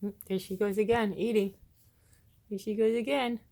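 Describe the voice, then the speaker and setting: A woman's voice: medium pitch, fairly even intonation, normal speed, warm tone. A woman filming her dogs at home on a handheld phone, cooing sing-song baby talk at them and scolding them playfully. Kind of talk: casual talk to pets while filming. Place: home, indoors. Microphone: handheld phone camera she is filming with.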